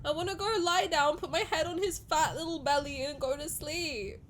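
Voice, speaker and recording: Young woman, streamer, crying, laughing through tears, high voice, swears a lot. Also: normal speed, slight background noise. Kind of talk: live reaction stream, casual chat.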